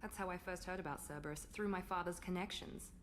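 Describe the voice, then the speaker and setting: A woman's voice: lowish voice, quick pace, a bit bright, slight background noise, natural voice. An actress playing a proud, guarded woman officer in a game, composed and self-assured. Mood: cool.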